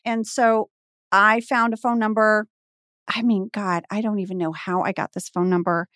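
A Texas woman in her forties, guesting on a podcast, tells a story in casual chat and animatedly acts out the voices she quotes. Her medium-pitched voice moves at a moderate pace, recorded with studio quality and no echo.

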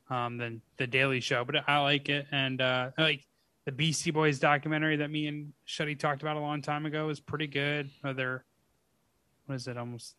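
A man's voice: mid-range voice, bright, forceful tone, smooth, no room sound. A man co-hosting a podcast, joking and swearing in loose casual chat with many fillers. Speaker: podcast co-host.

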